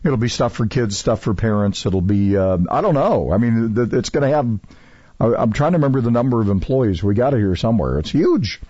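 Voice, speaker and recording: Man, radio host, casual chat, husky voice, lively pitch, dull audio. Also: brisk, no room sound. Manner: rambling, hesitant, chuckling. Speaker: radio talk show host.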